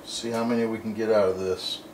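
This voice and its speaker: A man's voice: fairly low pitch, little pitch movement, fairly quick, a little mellow, a little hiss or hum. A man, hosting a casual home cooking demonstration in an easygoing, folksy, rambling way. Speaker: cooking show host. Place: home kitchen. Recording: roomy kitchen, mic at a distance.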